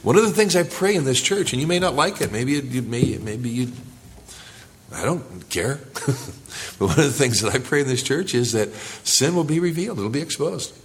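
A male pastor preaching a sermon in church, earnest, rising for emphasis and dropping low and quiet. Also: expressive, moderate pace, slight background noise.

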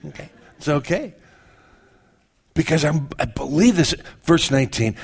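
An older male pastor delivers an animated sermon in a slightly raised voice. He breaks off into joking asides and quick corrections before pressing his point again. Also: fairly high pitch, creaky, breathy edge.

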